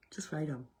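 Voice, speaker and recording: At a self-help workshop, a woman gives a casual, animated motivational talk. She alternates between loud bursts and quiet, near-whispered moments.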